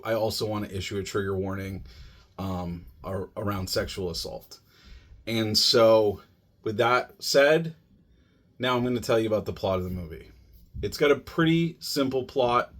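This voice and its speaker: Male podcast reviewer, somewhat low register, relaxed chatty delivery with plenty of filler words. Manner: conversational, many "you know" and "like" fillers. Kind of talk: casual plot summary.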